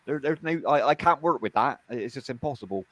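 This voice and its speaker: A man's voice: medium pitch, animated, a little fast, a bit bright. A man chatting casually at home, blunt and sweary, often repeating himself. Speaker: streamer. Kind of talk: casual chat.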